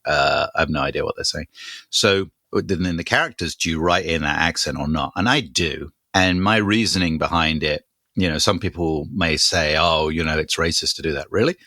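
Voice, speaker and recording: A man with a very low voice hosts a podcast and rambles through his points with jokes and restarts. the sound is dry and close, with no room tone behind him. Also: bright, forceful tone, no echo. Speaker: podcast co-host. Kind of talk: casual chat.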